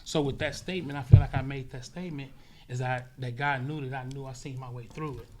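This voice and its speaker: A man, a podcast guest, telling a vivid, profane story in casual talk, acting out sounds and swinging between loud bursts and hushed murmurs. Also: mid-range voice, fairly even intonation, quick pace, a little hiss or hum.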